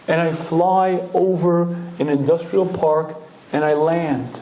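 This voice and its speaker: A rabbi tells a story with animated energy, pausing often to clear his throat. His voice sits fairly high but has a warm, mellow tone. The room echoes noticeably. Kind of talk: storytelling Torah lecture.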